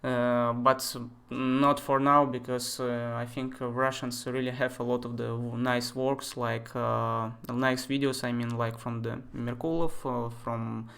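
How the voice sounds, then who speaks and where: A man in his twenties, not a native English speaker, thinking aloud and chatting with viewers during a live software tutorial. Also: mid-range voice, little pitch movement, a little slow, gravelly, hardly any pauses. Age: 20s. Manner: thinks aloud, chatty asides, answers chat questions. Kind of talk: live screen-share tutorial.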